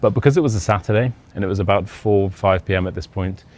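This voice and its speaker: Low-voiced RP British man telling a story. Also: quick pace, darkish tone. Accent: Modern RP British. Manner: chatty, self-deprecating, acts out quoted dialogue. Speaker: English teacher. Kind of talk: casual storytelling anecdote.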